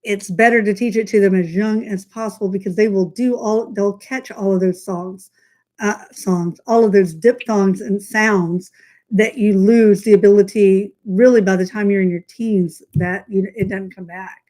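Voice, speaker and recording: A woman with a light Southern US drawl hosting a casual live chat, talkative and quick to laugh at herself, heard over a video call. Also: medium pitch, steady tone, mellow. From Southern United States. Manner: chatty, laughs often, self-mocking. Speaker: host.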